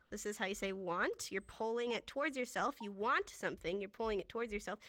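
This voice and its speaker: A woman's voice: on the high side, fairly bright tone. A woman teaching a casual sign language class in a virtual classroom, upbeat and chatty, laughing often as she walks learners through hand motions.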